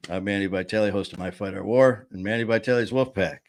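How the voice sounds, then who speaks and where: A man's voice: fairly low pitch, quick pace. A man hosting a casual live stream from a small studio into a table-mounted mic, joking and rambling with lots of restarts. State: a little loopy after anesthesia. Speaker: host.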